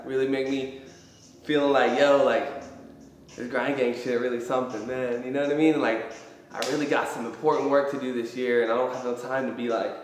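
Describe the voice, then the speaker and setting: Young male host, casual motivational rambler, profane, hall reverb. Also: mid-range voice. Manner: emphatic, rambling, swears freely. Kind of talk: motivational live-stream talk. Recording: very echoey hall.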